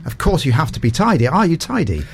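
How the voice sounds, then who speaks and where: Male radio host, chatty and playful, lively pitch, quick-fire questions. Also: gravelly, noisy background. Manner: chatty, playful, laughs often. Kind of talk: casual quick-fire interview.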